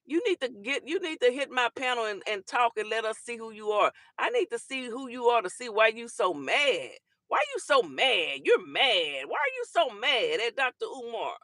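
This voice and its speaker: A woman hosting a casual livestream talk show, chatting and teasing commenters with a laughing, animated manner. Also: fairly high pitch, moderate pace, few pauses, dry recording, clean studio sound.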